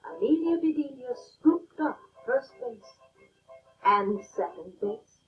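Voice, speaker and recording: Slow, expressive woman reading a children's story. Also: a little high. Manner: expressive, deliberate. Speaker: storybook reader. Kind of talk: children's story read aloud. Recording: dull lo-fi read-aloud with faint music.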